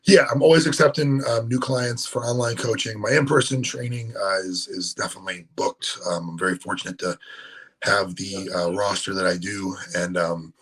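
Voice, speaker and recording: A man who coaches bodybuilding, answering interview questions in a relaxed, halting way with frequent ums. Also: on the low side, breathy edge, poor audio. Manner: relaxed, hesitant, many ums and restarts.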